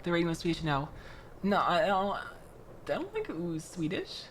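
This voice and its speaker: A young woman from Florida chats on her livestream while assembling a model kit at home. Her talk is animated and full of laughs and restarts. Her voice sits a bit low yet swings widely in pitch, over a faint background hiss. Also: normal speed. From Florida, United States. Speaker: streamer.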